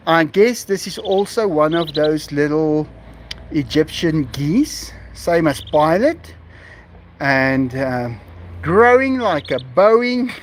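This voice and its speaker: A man's voice: a little high, expressive, slow pace, a little hiss or hum. A man chatting casually on a live stream outdoors, talking to viewers and to his farm animals.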